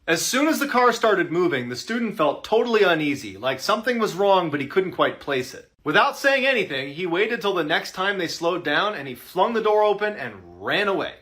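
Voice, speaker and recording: A man's voice: high voice, very animated, moderate pace, few pauses, a bit bright. A man narrating creepy true stories in a scripted, suspenseful storytime style. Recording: roomy echo.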